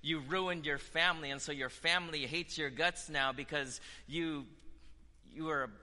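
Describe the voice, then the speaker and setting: A man preaching with fervor, his voice sharp and strained in its brightness and set a little high. He swings between near-whispers and ringing declarations. A long reverb trails his words through a large hall. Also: fairly even intonation, moderate pace. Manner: impassioned, swinging from hushed to loud. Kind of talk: sermon.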